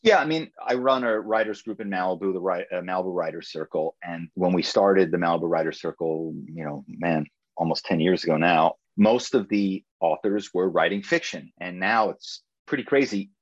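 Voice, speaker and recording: A middle-aged man, an author being interviewed, talking in an animated, storytelling way with frequent restarts. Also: deep voice, moderate pace, no echo, muffled recording. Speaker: author and guest. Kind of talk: casual interview chat.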